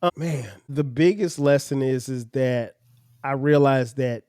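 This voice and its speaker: A man's voice: mid-range voice, unhurried, darkish tone, no echo, studio quality. A middle-aged man hosting a podcast, talking earnestly as a father about raising his children, with frequent restarts. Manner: earnest, storytelling with acted examples, many restarts. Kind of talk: reflective family conversation.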